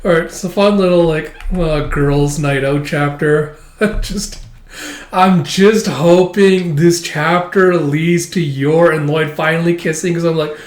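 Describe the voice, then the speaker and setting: A man casually recapping a manga chapter, acting out lines in quick put-on voices. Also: a little high. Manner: animated, acts out dialogue in quick put-on voices. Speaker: manga reviewer. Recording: echoey room.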